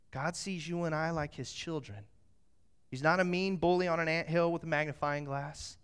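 A middle-aged man preaching a sermon, moving from slow scripture reading to lively, animated storytelling. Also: on the high side, smooth. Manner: animated storytelling, acts out quotes. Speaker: pastor.

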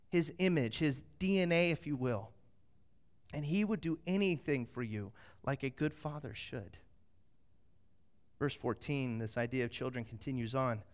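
A middle-aged man preaching a sermon, moving from slow scripture reading to lively, animated storytelling. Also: a little high. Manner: animated storytelling, acts out quotes. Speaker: pastor.

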